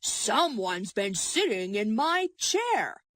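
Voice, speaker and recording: A woman's voice: mid-range voice, sing-song, slow, fairly bright tone. A woman voicing a grumbling father bear in a storybook reading, staying close to her own voice.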